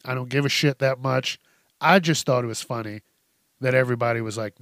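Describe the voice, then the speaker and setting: Speaking a little fast in a medium-pitched, fairly bright voice, a man hosts a podcast and delivers a casual solo rant. He's blunt, swears freely, and laughs often, and the studio-quality recording has no echo.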